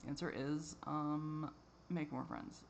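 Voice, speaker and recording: A tired man rambling in a personal vlog, swearing a lot and drifting between normal talk and low mutters. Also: fairly even intonation, slow, creaky, a little hiss or hum. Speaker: vlogger.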